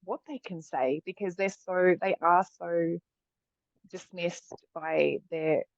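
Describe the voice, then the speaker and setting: A woman's voice: on the low side, fairly even intonation, slow pace, no echo. A woman hosting a podcast, agreeing and reflective as she builds on her guest's points. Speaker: podcast host. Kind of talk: conversational podcast talk. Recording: dry, slightly dull lo-fi audio.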